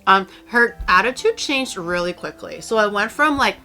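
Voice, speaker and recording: Young woman streamer, bright rambling chat. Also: animated, moderate pace, soft background music. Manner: low-key, rambling storyteller with many fillers. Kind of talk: casual chat.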